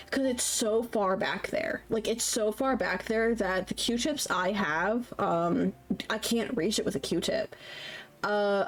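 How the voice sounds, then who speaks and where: A woman in her late twenties chatting casually on a live stream, rambling, laughing often and swearing freely. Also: mid-range voice. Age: late 20s.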